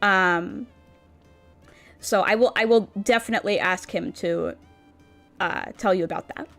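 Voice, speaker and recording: A woman's voice: medium pitch, unhurried, fairly bright tone. A woman streamer chatting casually with her viewers in a bubbly, cutesy, rambling way. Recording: faint background music.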